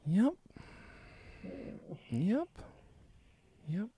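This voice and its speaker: A man's voice: high-pitched, sing-song, very slow, warm tone, slightly rough, dry recording. A man co-hosting a podcast, talking casually and sarcastically with strong opinions. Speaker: podcast co-host. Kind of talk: casual chat.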